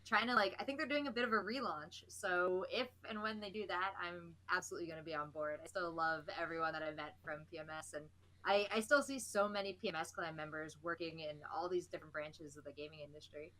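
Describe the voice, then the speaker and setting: A woman's voice: lowish voice, fast, bright, forceful tone. A woman in her thirties from New Jersey, chatting easily as an interview guest and laughing often. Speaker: guest, esports host. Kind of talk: casual interview chat.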